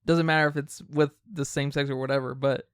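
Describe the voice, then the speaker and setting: A man co-hosting a podcast, talking casually about a film in quick, animated bursts. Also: fairly high pitch, clear, resonant tone, dry recording, clean studio sound. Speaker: podcast co-host.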